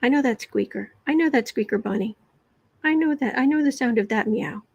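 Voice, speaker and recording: A woman's voice: on the high side, a little fast, a little mellow, breathy edge, dry recording, dull audio. An American woman hosting a casual tarot livestream, reading viewer comments aloud and sometimes dropping to a whisper. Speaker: tarot reader and livestream host.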